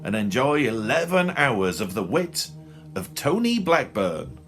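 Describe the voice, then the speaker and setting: Brief: a man playing a loud, cheesy announcer from a storybook record, high and punchy, soft music behind. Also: very animated, a little slow. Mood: showy. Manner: showy announcer patter. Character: brash male American record announcer.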